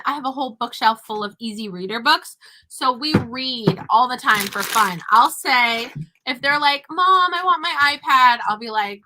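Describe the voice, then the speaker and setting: Bright, high-voiced chatty mom. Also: female voice, slight background noise. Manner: chatty, talking with her child between points. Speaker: homeschooling mother and online teacher. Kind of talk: casual talk to camera.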